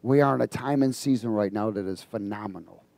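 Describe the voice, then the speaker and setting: A man's voice: lowish voice, brisk, vocal fry, a little mellow. A male preacher giving a sermon, reading scripture aloud and prompting the congregation to fill in the words. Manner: reads scripture aloud and comments on it.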